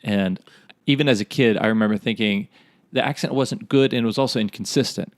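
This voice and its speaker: Gravelly-voiced man, dry close sound. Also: lowish voice, a little fast, dry recording. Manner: rambling and speculative, laughs at himself. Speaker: podcast co-host. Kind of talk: casual chat.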